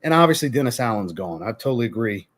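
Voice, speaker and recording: A man's voice: medium pitch, sing-song, quick pace. A man hosting a fragrance livestream, greeting viewers by name, then ranting bluntly and profanely before apologizing. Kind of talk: casual livestream chat reading viewer comments.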